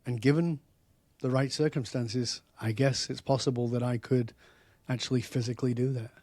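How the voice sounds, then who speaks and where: A man speaking as a podcast guest and author, telling stories in an animated, emphatic way that often gets loud. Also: medium pitch, normal speed, no room sound. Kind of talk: storytelling interview talk.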